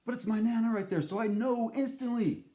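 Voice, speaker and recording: A man telling a comic story to camera in a rambling, halting, deadpan way. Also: very high voice, reverberant.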